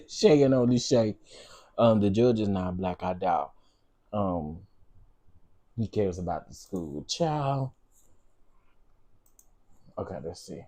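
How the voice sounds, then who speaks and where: A man's voice: fairly low pitch, lively intonation, slow pace, pauses often, mellow. A man hosting a livestream, giving sassy, teasing live commentary with laughing asides. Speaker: livestream host.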